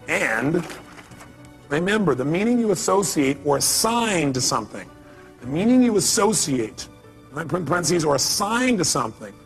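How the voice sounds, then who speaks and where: High-pitched guy giving a seminar talk, punchy and repetitive, quizzing the room, a little music behind. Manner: emphatic, repeats key phrases, quizzes the audience. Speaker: motivational speaker. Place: seminar hall.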